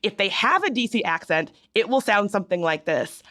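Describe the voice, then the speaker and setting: A woman's voice: mid-range voice, expressive, brisk, few pauses, a bit bright. A young woman from the American South co-hosting a podcast, chatting casually and explaining with humorous asides. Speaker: podcast co-host. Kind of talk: casual chat.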